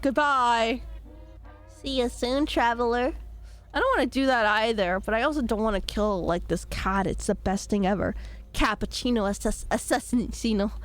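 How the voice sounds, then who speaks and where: Casual woman game streamer, slightly hoarse, playful and giggly, a touch high-pitched.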